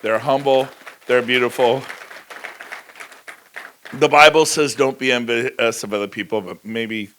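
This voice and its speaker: A man giving a high-energy motivational talk at a conference, joking with the crowd and slipping into quick impressions of people. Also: steady tone, a bit bright, a little hiss or hum. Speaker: keynote speaker. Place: large conference hall.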